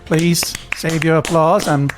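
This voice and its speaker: A man's voice: a little high, little pitch movement, slow, over music. A man playing an elderly male astronaut who grandly waves off applause in a comedy podcast bit. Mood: mock-humble.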